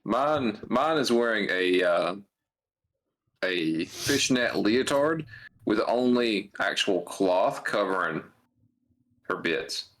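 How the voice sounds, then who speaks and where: A man with a lowish voice chatting as a tabletop game player. His pitch jumps around a lot as he makes wry, candid remarks. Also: lively intonation, slow pace, a bit bright, low-quality recording. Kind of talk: casual chat.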